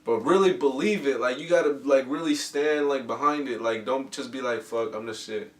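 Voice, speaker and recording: A man hosting a podcast, talking loose and easy and circling back over his own points. His voice sits at a medium pitch and sounds a little distant in an echoey room. Music plays quietly behind him. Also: moderate pace. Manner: laid-back, repeats himself, heavy slang. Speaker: podcast host. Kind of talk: casual chat.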